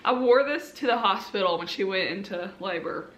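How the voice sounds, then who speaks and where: A woman in her twenties chats casually to camera in a vlog, her medium-pitched voice animated and moderately paced. She rambles a bit and laughs lightly at herself, recorded in an echoey room with a faint hum in the background.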